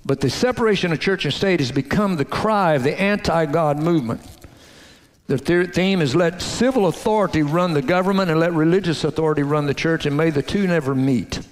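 A man with a high-pitched voice delivers a folksy, animated sermon, teasing and calling out to his congregation. His preaching rings through a church sanctuary with a long, lingering reverb. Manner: folksy, animated preaching with audience call-outs. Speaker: pastor.

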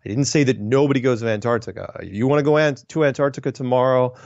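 A man hosting a solo show, reading listener emails and answering them in a wry, digressive way with puns and quick self-corrections. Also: mid-range voice, fairly even intonation, darkish tone, no room sound, muffled recording. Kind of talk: casual solo commentary.

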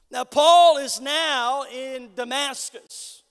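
A man preaching a sermon as pastor, telling a Bible story and then rising to loud exhortation. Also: extremely high pitch, smooth. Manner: builds from measured storytelling to shouted exhortation. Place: church sanctuary. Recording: long church hall reverb.

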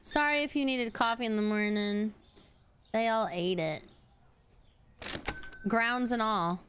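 A woman streaming a game live, chatting excitably with her viewers, yelping and swearing at the game as she plays. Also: on the high side, takes it slowly, long pauses, a little hiss or hum. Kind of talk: live gaming stream chat.

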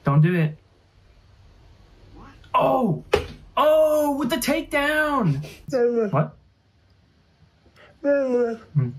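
A woman's voice: sits high, very animated, extremely slow, long pauses, a little hiss or hum. A woman hosting a reaction video, casually commenting on funny clips with exclamations and chatty asides.

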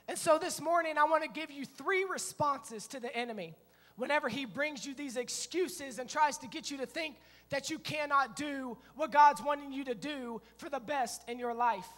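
Man, middle-aged pastor, lively storyteller sermon, high bright voice, church hall reverb. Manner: animated storytelling, acting out scenes, bursts of shouting. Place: church sanctuary.

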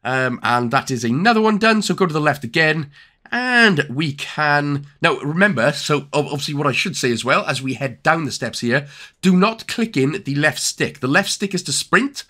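A young man with a Welsh accent narrates a game walkthrough. His voice is bright and lively, with pitch that jumps around. He jokes and fills pauses with "um" and "uh" as he gives directions. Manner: chatty and jokey, with filler-heavy instructions. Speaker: gaming YouTuber.

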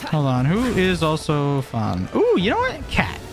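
A man streaming a game, reacting with excited, jokey commentary and frequent laughs. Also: on the high side, measured pace, music in the background. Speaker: gaming streamer.

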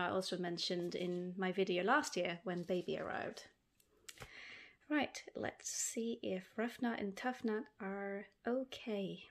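A young woman vlogging as she unboxes pet snails, soft-spoken with frequent ums. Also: mid-range voice. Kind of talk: casual unboxing vlog.

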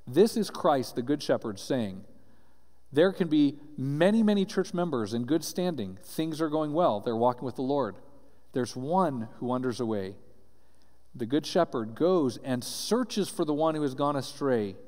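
A man's voice: mid-range voice, animated, a little slow, a little mellow. A man preaching a sermon as pastor, reading scripture aloud and explaining it earnestly, often checking in with "right?". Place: church sanctuary. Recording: roomy church hall reverb.

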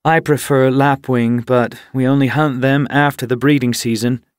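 A man's voice: medium pitch, steady tone, moderate pace, smooth, no room sound, clean studio sound, close to an everyday voice. Man voicing a cheerful little she-cat. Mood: warm. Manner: cheerful, encouraging. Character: small friendly female tunneler cat. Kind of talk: audiobook character voice.

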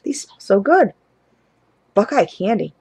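A woman vlogging an unboxing in a casual, chatty way, gushing with excitement, calling her viewers "guys" and sounding close to tears with gratitude. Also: medium pitch, measured pace, slight background noise, rough recording. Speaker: candle and wax hobby vlogger.

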